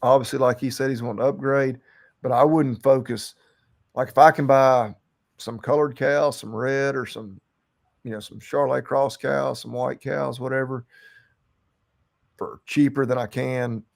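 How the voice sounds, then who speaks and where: A man co-hosting a podcast, a cattle rancher in casual chat, relaxed and rambling with lots of fillers and restarts. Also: medium pitch, moderate pace, vocal fry.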